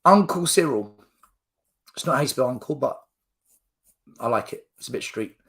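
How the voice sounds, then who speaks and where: A man's voice: mid-range voice, a little fast, a bit bright. Passionate blunt man ranting on football. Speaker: football fan channel host. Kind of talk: fan opinion rant to camera.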